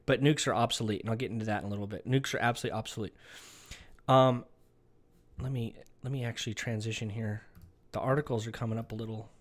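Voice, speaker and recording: A man's voice: medium pitch, steady tone, quick pace. A man delivering an emphatic political commentary monologue who often tags his lines with "okay". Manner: emphatic, repeats "okay" as a tag. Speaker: online commentator.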